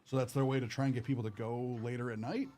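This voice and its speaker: A man's voice: mid-range voice, little pitch movement, fast talker, dark tone. A young man hosting a card-opening stream, chatting casually and rambling with lots of fillers. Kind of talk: casual chat while opening cards.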